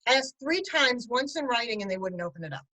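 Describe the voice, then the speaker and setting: Lively woman telling a parent's story. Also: fairly high pitch, quick pace, low-quality recording. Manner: animated storytelling with laughs. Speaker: guest, parent and writer. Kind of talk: conversational interview.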